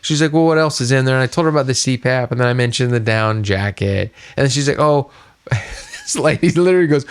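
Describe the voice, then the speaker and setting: In a casual podcast chat, a middle-aged co-host speaks fairly quickly in a mid-range voice. He tells a story with animation, imitating the voices of the people in it.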